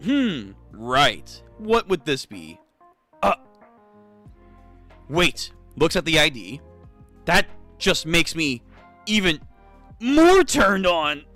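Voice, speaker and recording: A young adult man hosting a manga read-through, reacting excitedly, swearing and laughing often. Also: on the high side, drawn-out words, long pauses, faint music behind.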